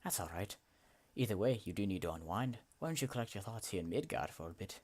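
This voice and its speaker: A man's voice: lowish voice, expressive, quick pace, a little mellow. A man voicing Baldur, a hearty Norse god. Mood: friendly. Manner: hearty, old-fashioned speech with "aye" and "lad". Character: friendly boastful Norse god, male adult.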